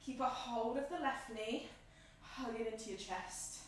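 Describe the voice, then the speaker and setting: A woman with a high, light voice guides a yoga flow, her calm cues timed to each inhale and exhale. She sounds slightly winded as she moves. Her voice rings around a bare, echoey room, picked up from a few steps away. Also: measured pace, a little hiss or hum. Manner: calm, encouraging cues paced with the breath. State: slightly out of breath. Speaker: yoga instructor. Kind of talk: guided yoga class instruction. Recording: echoey room, mic at a distance.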